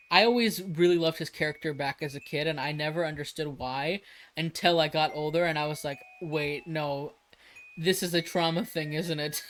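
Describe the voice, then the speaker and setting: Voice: medium pitch, fairly bright tone, slight background noise. A livestreamer chatting casually, rambling and emphatic with frequent restarts and swearing.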